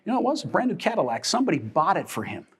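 A man's voice: sits high, wildly swooping pitch, racing, a bit bright, slightly rough. A man preaching a sermon as pastor, emphatic and calling out for responses from the congregation. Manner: emphatic, with call-and-response questions. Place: church sanctuary.

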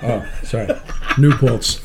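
A man's voice: mid-range voice, unhurried, darkish tone, a little hiss or hum. A man being interviewed as a musician, talking in a brash, rambling, profane way. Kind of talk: casual interview chat.

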